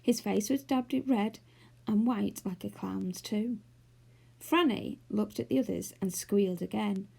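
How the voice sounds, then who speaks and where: A woman's voice: mid-range voice, measured pace, gravelly, a little mellow, breathy edge. A woman with an English accent reading a children's novel aloud, doing character voices. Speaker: storyteller.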